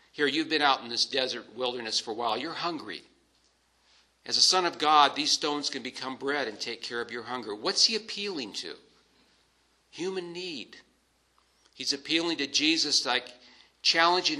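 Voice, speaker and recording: A man preaching a sermon, teaching scripture in a measured, emphatic way with pauses. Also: medium pitch, bright, forceful tone, rough recording.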